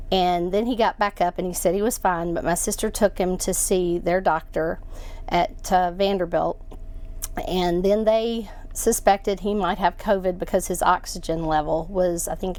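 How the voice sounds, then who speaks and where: Halting, emotional woman telling her story. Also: mid-range voice, a little mellow. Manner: halting and emotional, with many restarts. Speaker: interview guest. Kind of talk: personal testimony in an interview.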